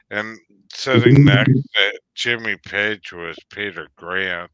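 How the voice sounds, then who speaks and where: A man with a low voice tells a meandering story at an unhurried pace, stopping often for ums and restarts. His voice sounds bright and clear. The recording is dry and close. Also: dry recording, highs cut off. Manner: rambling storyteller with many fillers and restarts. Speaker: live stream panelist. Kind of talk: casual chat.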